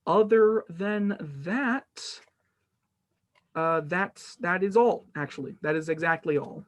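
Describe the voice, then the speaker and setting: A man's voice: high voice, takes it slowly. A man hosting a casual gaming podcast, rambling and self-deprecating, with lots of fillers and restarts. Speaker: podcast host.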